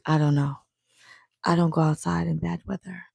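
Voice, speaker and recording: Low voiced woman streaming a book read, blunt and jokey, swears a lot, dry close mic. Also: steady tone, moderate pace, creaky, mellow, no echo. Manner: blunt, joking, swears freely, drifts between chat and reading. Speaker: streamer reading a book aloud. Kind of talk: casual chat while reading on stream. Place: indoors at home. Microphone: handheld mic.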